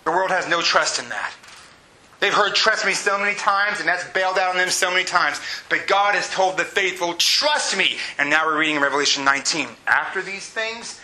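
Pastor, male, 30s; high, bright, animated sermon delivery; roomy church sound. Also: fairly quick. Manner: animated preaching with shouted exclamations. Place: church sanctuary. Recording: echoey room with faint hiss.

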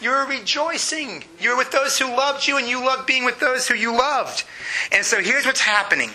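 A man's voice: very high-pitched, moderate pace, pushed and bright, a little hiss or hum, low-quality recording. A middle-aged man preaching a sermon, earnest and personal, building to fervent emphasis. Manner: personal storytelling with laughs. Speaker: pastor.

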